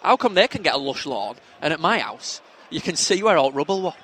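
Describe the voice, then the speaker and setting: Yorkshire guy rattling off stories quick, a bit high voice, faint noise behind. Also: sing-song, a bit bright. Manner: chatty, jokey storyteller with dialect grammar. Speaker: podcast co-host. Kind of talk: casual banter.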